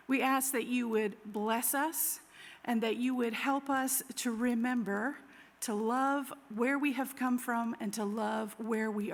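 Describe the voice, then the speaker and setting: A woman chaplain thanking the students and gently leading a closing prayer. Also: fairly high pitch, vocal fry. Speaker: school chaplain. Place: school chapel. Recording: reverberant hall.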